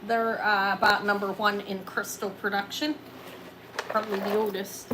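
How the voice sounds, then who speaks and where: A middle-aged woman running a live jewelry auction, chatting excitably and counting down each sale. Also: medium pitch, normal speed, a little hiss or hum, rough recording. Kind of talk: live-stream sales chat.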